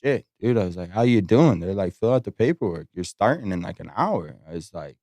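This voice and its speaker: A man with a somewhat low voice chats on a podcast, rambling through stories laced with swearing. He acts out what others said as he goes. The sound is dry and close. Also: expressive, a little fast, a little mellow, no echo. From Las Vegas. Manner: rambling storytelling, swears a lot, acts out quotes. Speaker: podcast guest, strip club host. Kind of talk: casual podcast chat.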